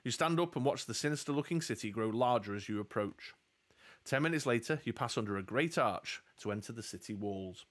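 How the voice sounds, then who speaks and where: A man's voice: medium pitch, fairly quick. A man reading a fantasy gamebook aloud as game master, with jokey asides. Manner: steady storytelling with jokey asides. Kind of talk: narrating a gamebook live play.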